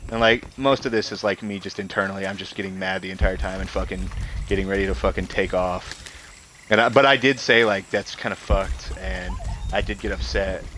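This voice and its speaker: A young man streaming a game vents a heated, profane story packed with fillers like "like" and "I'm like." His voice is fairly low, bright, and forceful, and the live stream audio is noisy.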